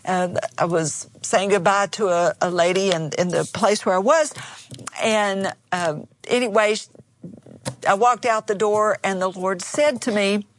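A woman's voice: mid-range voice, measured pace, slight background noise. A woman minister co-hosting a televised preaching broadcast, telling stories and exhorting earnestly. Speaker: minister and co-host.

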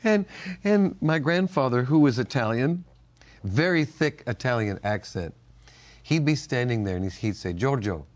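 An older man from the United States co-hosts a faith-based talk show. His voice swings widely in pitch as he tells animated stories. He laughs easily and often as he talks. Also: normal speed. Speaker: co-host of a Christian talk show. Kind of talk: casual faith-based chat.

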